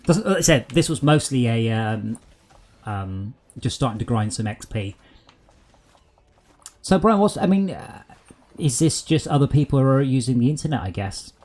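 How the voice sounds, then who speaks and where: Chatty man with a lively voice. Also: mid-range voice, normal speed. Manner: chatty, rambling, troubleshooting aloud with many fillers. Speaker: streamer hosting a LAN game session. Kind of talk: casual chat while gaming.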